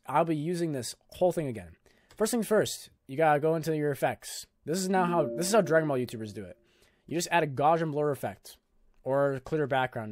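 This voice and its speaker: A man's voice: on the high side, no room sound. A young man hosting a casual screen-recorded video editing tutorial, talking in a loose, jokey, filler-heavy way. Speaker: YouTube tutorial host.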